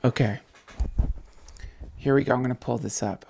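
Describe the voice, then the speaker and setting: A man hosting a casual night livestream, rambling, swearing and talking excitedly to his viewers. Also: mid-range voice, moderate pace, creaky, pauses often, slight background noise. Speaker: podcast host on a night livestream.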